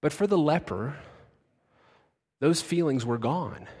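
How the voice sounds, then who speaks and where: Slow-preaching pastor in a reverberant hall. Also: male voice, a little high, animated, husky. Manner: slow, dramatic preaching with hushed drops and sudden shouts. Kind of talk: sermon. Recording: long reverb of a large hall.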